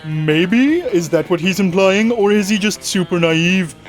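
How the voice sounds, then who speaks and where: A man reading game narration aloud with a wry, mock-dramatic tone. His voice sits high for a man. Faint music plays underneath. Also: unhurried.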